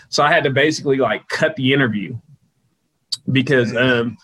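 A man being interviewed as a guest, telling casual stories and acting out the people he quotes in a higher, louder voice. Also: fairly quick, poor audio. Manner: animated storyteller, jumps higher and louder when quoting people. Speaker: guest, sports PR consultant.

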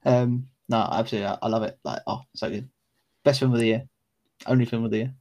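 A man co-hosting a podcast, rambling from one tangent to the next. He talks with easy enthusiasm and throws in casual slang. His voice sits at an ordinary middle pitch. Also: fairly even intonation, fast, gravelly, darkish tone, highs cut off. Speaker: podcast co-host. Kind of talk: casual chat.

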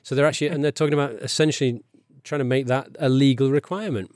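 Male podcast host, mid-pitched, rambling conversational delivery, dry booth sound. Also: fairly even intonation, rapid-fire, darkish tone, no echo. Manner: rambling, frequent restarts and asides. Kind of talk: casual chat.

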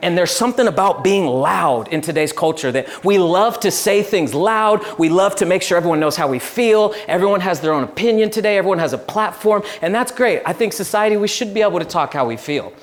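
A young man giving a relaxed, chatty sermon, telling stories with laughs and restarts. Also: sits high, brisk, hardly any pauses. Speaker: pastor. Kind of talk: casual sermon with storytelling.

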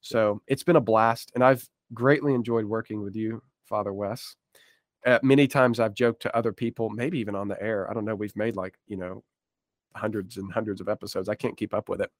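A man co-hosts a podcast in a lowish voice with a steady tone, speaking briskly as he chats casually and pokes fun at himself. It's studio-quality audio with no room sound.

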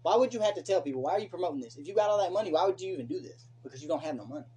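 A young man hosting a casual late-night podcast, ranting profanely with animated opinions. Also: high voice, very fast. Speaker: podcast host.

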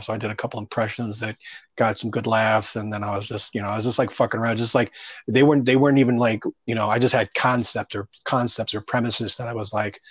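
A stand-up comedian, a man with a lowish voice, tells a long anecdote in an easygoing, meandering way. He swears freely and leans on "you know" and "like". The sound is dry and close, with no room around him. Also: dry recording. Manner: loose, rambling, profane, heavy on fillers. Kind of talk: casual storytelling interview.

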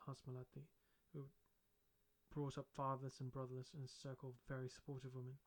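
A man narrating a novel aloud in a measured reading voice, now and then stumbling and restarting a word. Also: medium pitch, little pitch movement, darkish tone. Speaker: audiobook narrator. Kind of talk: audiobook narration.

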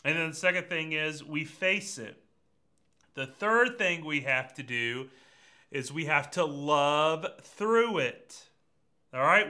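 A man preaching a conversational sermon, speaking directly to his listeners. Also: on the high side. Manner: lively and conversational, addresses congregation directly. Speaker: pastor.

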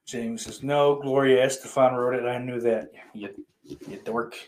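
A man hosting a casual livestream podcast, reading viewer comments aloud and cursing a lot, sarcastic, his voice swinging between loud and quiet. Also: medium pitch, steady tone, unhurried. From Irish heritage. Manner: profane, sarcastic, with big swings in loudness.

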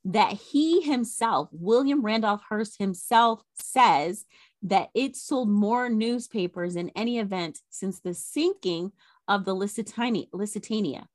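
A woman's voice: mid-range voice, measured pace, no room sound. A woman co-hosting a podcast, animatedly retelling an old scandal with chatty asides. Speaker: podcast co-host. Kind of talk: casual history storytelling.

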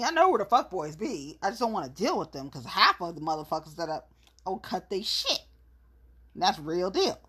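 A woman's voice: lowish voice, very animated, a little fast, fairly bright tone, slightly rough. A woman in a casual monologue rant, blunt, profane and gossipy, telling her side of a story.

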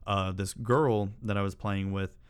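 A man's voice: lowish voice, steady tone, measured pace, smooth. A man telling stories to camera in a casual, rambling way, often swearing and ranting in exasperation. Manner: rambling and profane, with exasperated rants. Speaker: channel host.

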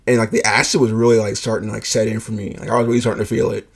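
A man's voice: lowish voice, little pitch movement, racing, gravelly, breathy edge. Laid-back man telling a story. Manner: laid-back, profane, heavy use of "like", laughs often. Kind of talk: casual personal storytelling.

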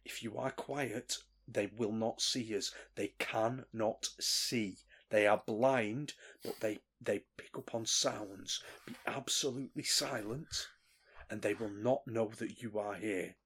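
男性が演じる ひそひそ声の忍び寄る冒険者. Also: male voice, on the low side, slow, breathy edge, exaggerated voice. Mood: hushed urgent. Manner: hushed urgent whisper. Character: sneaky male adventurer whispering to goblins. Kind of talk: whispered role-play.

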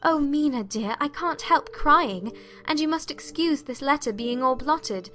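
A woman narrates a period story as a heartfelt letter. Her reading is emotive and confiding. Her voice is high and bright. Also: animated, measured pace. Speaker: audiobook narrator.

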